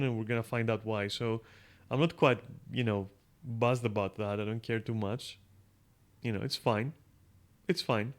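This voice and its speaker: Rambling, swearing male game streamer. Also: medium pitch. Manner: rambling, swears freely, thinks aloud with many fillers. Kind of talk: casual gameplay commentary.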